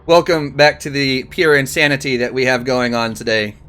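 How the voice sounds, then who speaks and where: A man's voice: medium pitch, moderate pace, a bit bright, clear, resonant tone. A man hosting a live gaming stream, chatting, greeting guests, and laughing often. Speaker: streamer host.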